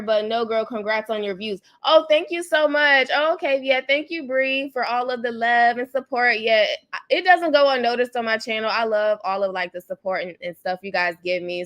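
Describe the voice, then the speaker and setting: Chatty higher-voiced woman hosting a livestream. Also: a bit bright. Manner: chatty, rambling, repeats "like I said", talks to chat viewers. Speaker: YouTube channel host. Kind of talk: casual livestream celebrity gossip commentary.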